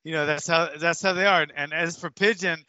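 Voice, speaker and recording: In a relaxed interview full of restarts and fillers, a Hawaiian martial arts coach in his fifties rambles through his stories. He speaks briskly in a high-leaning, steady, pushed and bright voice with no echo, on a dull, dry, lo-fi recording.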